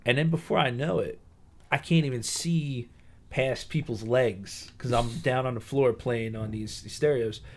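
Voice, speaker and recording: A man guesting on a podcast, telling a rambling story in a relaxed, casual way. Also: medium pitch, a little slow, slight background noise. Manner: laid-back, rambling with restarts.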